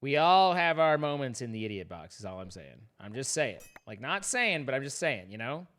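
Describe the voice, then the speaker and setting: A man's voice: medium pitch, very animated, moderate pace, a bit bright. A man chatting casually while streaming a game, rambling and joking at his own expense. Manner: rambling, self-mocking joking to chat. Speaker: livestreamer. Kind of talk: casual gaming livestream chat.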